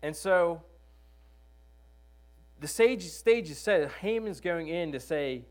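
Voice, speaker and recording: Male preacher, chatty sermon storyteller, fond of rhetorical questions, higher-pitched voice. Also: expressive, takes it slowly. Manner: conversational, asks rhetorical questions.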